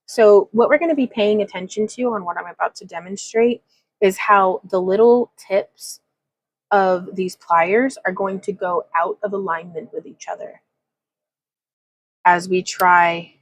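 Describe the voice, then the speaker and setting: A woman with a lowish voice speaks slowly, leaving long pauses, on a rough recording without echo. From her home craft room she hosts a casual livestream, chatting and rambling through a wire-wrapping demo, often laughing and reading viewers' chat comments aloud.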